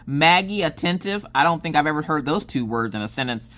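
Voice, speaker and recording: A woman vlogger chatting while she crafts, drifting from her project into a long anecdote. She tells it in a loose, rambling way and voices the people in it as she goes. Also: low-pitched. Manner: rambling storyteller who acts out quoted dialogue. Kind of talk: casual chat while crafting.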